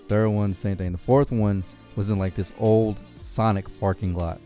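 Low-voiced man telling a casual story. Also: steady tone, moderate pace, faint music behind. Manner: laughing, profane, gets loud and high when worked up.

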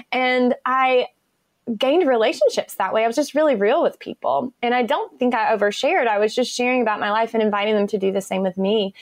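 A woman's voice: mid-range voice, dry recording, studio quality. Enthusiastic woman telling work stories. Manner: enthusiastic, animated, acts out quotes. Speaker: podcast guest. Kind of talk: conversational interview storytelling.

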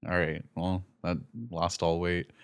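A young man with a fairly low voice, chatting as co-host in a casual movie review. He is animated and sarcastic, laughing often as he picks the plot apart. The talk is loose and conversational. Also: a little slow, smooth. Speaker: podcast co-host.

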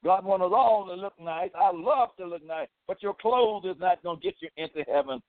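A man with a high voice, talking a little fast, fervently preaches over the radio and presses his listeners to pray, scattering "amen" and "praise the Lord" throughout. It's a dry recording with a tinny, phone-like radio tone.

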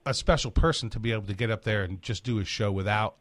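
A man's voice: fairly low pitch, fast, dry recording. A man hosting a talk show, asking the guest rambling, friendly questions. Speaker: host. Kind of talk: casual interview.

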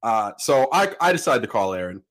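A man's voice: mid-range voice, brisk. A man hosting a podcast, telling a story in a casual way and acting out the people in it. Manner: animated, acts out the people in his story. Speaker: podcast host.

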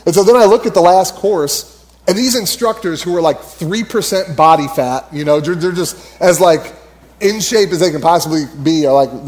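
A fairly high-voiced man speaking at church in a loose, storytelling way. He rambles, fills gaps with "uh" and "like," and breaks into laughter as he talks. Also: normal speed, a little mellow. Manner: rambling, laughs often, many fillers. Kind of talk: casual storytelling sermon.

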